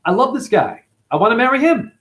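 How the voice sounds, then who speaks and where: A man's voice: very high voice, very animated, a little fast, a bit bright, pitched above the performer's own voice, exaggerated voice. A defiant young royal woman, as a man puts her on, speaks in a raised voice that swoops up and down. She pleads and protests with passion. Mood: adoring. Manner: pleading and indignant.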